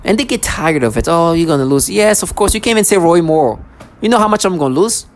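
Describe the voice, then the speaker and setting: A woman's voice: medium pitch, expressive, fast talker. Agitated woman ranting with sarcasm. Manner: agitated, repetitive, stumbling restarts; sarcastic mocking asides. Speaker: vlogger. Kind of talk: ranting monologue to camera.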